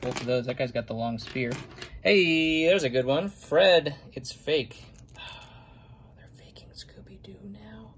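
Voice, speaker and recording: A man's voice: medium pitch, gravelly, slight background noise. A young adult man, a vlogger, rambling in casual running commentary while sorting toy figures, muttering little asides to himself.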